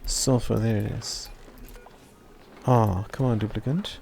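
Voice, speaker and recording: A man's voice: lowish voice, steady tone, slow, gravelly, a little mellow, a little hiss or hum. A German man in his sixties with a German accent, chatting casually and teasingly while live-streaming a game. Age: 60s.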